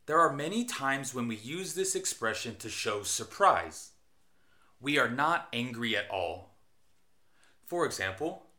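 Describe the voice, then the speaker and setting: A man teaching an English lesson, reading out example sentences slowly and carefully. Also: mid-range voice, big pitch swings, pushed and bright. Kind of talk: scripted English lesson narration.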